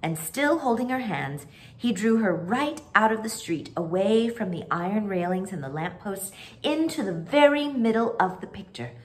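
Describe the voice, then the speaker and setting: A woman reading a children's book aloud as a storyteller, expressive and animated. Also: medium pitch, moderate pace, a little hiss or hum.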